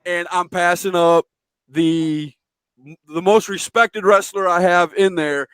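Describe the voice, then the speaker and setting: Excitable male host, high voice, stammers and repeats himself; dry, close sound. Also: slow pace, clear, resonant tone, no echo. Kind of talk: casual chat.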